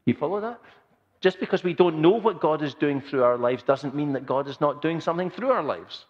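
A man's voice: fairly high pitch, lively intonation, a little fast. A man preaching a sermon in an earnest, conversational way, often repeating phrases for emphasis. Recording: dull sound with long hall reverb.

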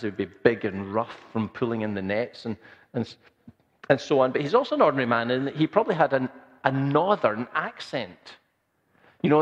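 A man preaching a sermon in an earnest, conversational way, often repeating phrases for emphasis. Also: mid-range voice. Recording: dull sound with long hall reverb.

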